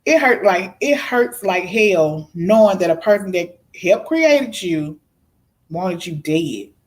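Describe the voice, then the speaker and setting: A woman's voice: lowish voice, lively intonation, slow. A young adult woman hosting a podcast, candidly telling her own life story in a conversational monologue with frequent fillers. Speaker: podcast host.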